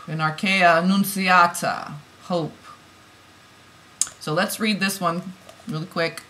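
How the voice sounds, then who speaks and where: Bright-voiced woman giving a card reading. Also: lowish voice, steady tone, slow pace, pauses often, slight background noise. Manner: emotional, swings from soft musing to heated swearing rants. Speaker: tarot reader.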